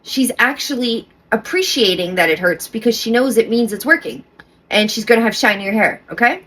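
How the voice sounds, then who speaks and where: A woman's voice: a little high, animated, moderate pace, fairly bright tone. A middle-aged woman talking casually to camera as a vlogger, rambling with restarts and often checking in with "okay?".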